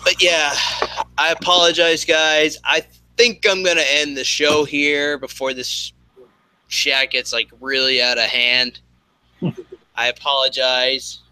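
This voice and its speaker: A man's voice: fairly high pitch, little pitch movement, slow pace, sharp tone, clear, resonant tone, no echo, rough recording. A young man hosting a casual live stream from his apartment, rambling and joking with many fillers. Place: home apartment.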